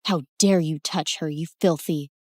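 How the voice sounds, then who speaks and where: A brooding teenage boy speaks low and hushed, cocky but guarded, as a woman puts him on. The voice sits well below her own and the sound is dry. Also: steady tone, normal speed, dry recording, natural voice. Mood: angry.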